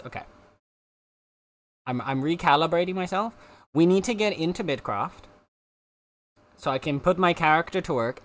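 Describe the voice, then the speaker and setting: Casual young streamer, light South African accent, mid-pitched and animated, chatty and easily distracted. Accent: slight South African, between British and American. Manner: giggly, rambling, easily sidetracked. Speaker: live streamer.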